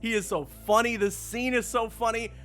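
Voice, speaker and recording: A young man talks through a movie with gushing, excitable enthusiasm, his voice sitting high. He keeps building the hype as he goes. Faint music plays underneath. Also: moderate pace. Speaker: movie reviewer. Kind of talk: enthusiastic spoiler review.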